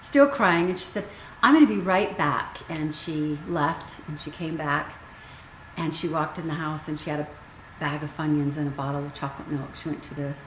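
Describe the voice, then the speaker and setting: A woman's voice: sits low, steady tone, a bit bright. A woman in her fifties, a guest author telling her personal story candidly and emotionally. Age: 50s. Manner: earnest, emotional, pauses with ums. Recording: roomy sound with faint noise.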